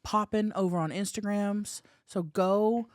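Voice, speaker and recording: A woman's voice: medium pitch, fairly even intonation, measured pace, no echo, clean studio sound. A woman co-hosting a casual podcast, brash and teasing, with frequent swearing. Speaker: podcast co-host.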